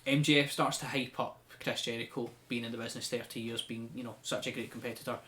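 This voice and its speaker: A man's voice: medium pitch, fast. A man, hosting a podcast and chatting animatedly while recapping wrestling. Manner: animated storyteller, acts out quotes. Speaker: podcast host. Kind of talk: casual chat recapping wrestling.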